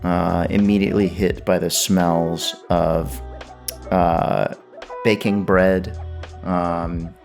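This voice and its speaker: A man with a fairly low voice narrates a tabletop roleplaying game as its game master. He speaks hesitantly, full of ums and restarts. Faint music plays underneath. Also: flat delivery, slow, gravelly, a little mellow. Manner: hesitant, many fillers and restarts.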